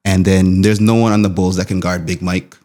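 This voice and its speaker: Male panelist, very deep voice, relaxed and hesitant. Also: a little fast. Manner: easygoing, agreeable, lots of ums. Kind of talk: casual sports chat.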